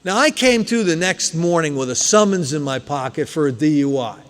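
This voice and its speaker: High-voiced man telling a story in a hall. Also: moderate pace. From New Jersey. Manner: animated storyteller, acts out scenes loudly. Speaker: recovery meeting speaker. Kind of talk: storytelling talk to a meeting. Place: meeting hall. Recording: long hall reverb.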